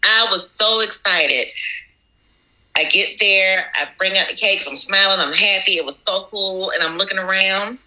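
A woman from Georgia, a bakery owner as podcast guest, telling a story and acting out the dialogue with big jumps in pitch. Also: normal speed, pushed and bright, poor audio. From Augusta, Georgia. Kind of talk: animated storytelling.

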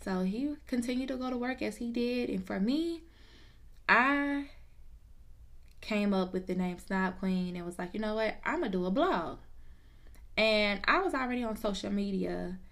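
A woman telling her own story in a casual, lively, slangy way, confiding in the listener. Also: mid-range voice, normal speed.

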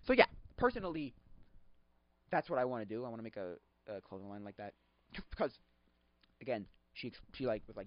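A man hosting a podcast, chatting casually in a rambling, excitable way, laughing often and acting out quotes. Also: medium pitch, fairly quick, pauses often, no echo. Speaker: podcast host. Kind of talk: casual solo chat. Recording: dull lo-fi sound.

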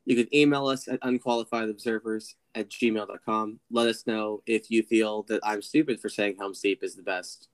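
A man's voice: on the low side, steady tone, moderate pace, few pauses. Joking, foul-mouthed male podcast host. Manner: joking, profane, wraps up the show. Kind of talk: casual film discussion podcast.

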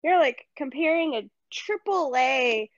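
A woman's voice: high voice, lively intonation, a little slow, dry recording. A woman co-hosting a casual podcast chat who talks bluntly and swears easily. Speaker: podcast co-host. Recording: dry, dull lo-fi sound.

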